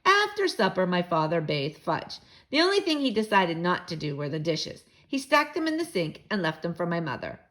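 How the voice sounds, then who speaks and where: A woman reading a children's book aloud to young listeners, with expressive, animated storytelling. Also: on the low side, normal speed, hardly any pauses.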